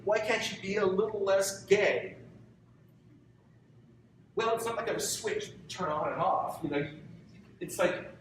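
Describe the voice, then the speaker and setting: A man's voice: mid-range voice, slight background noise. A middle-aged man giving an earnest, conversational talk to students and putting questions to his audience. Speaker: guest lecturer. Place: lecture room. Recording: very echoey hall, voice from far off.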